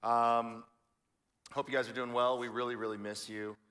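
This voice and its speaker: A man with an average-pitched voice wraps up a church show in a friendly, relaxed way. He talks loosely, with plenty of uh and um. He speaks from a large, empty church auditorium. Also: moderate pace. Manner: relaxed, friendly, uses fillers like uh and um. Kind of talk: casual chat and sign-off.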